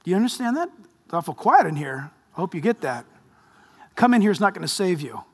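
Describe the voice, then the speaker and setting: A man in his fifties, a pastor preaching a sermon with lively storytelling and jokes. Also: sits high, brisk, husky. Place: large church hall. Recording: long hall reverb.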